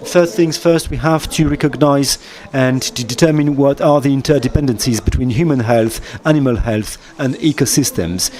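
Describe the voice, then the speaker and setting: French-accented male official, formal address, halting delivery, middle pitch. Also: darkish tone. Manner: halting, with restarts and hesitations. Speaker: government minister. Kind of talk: formal opening speech.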